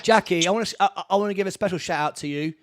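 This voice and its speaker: A man hosting a live-streamed charity fundraiser from his studio, rambling excitedly and laughing often. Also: sits high, racing. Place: home studio.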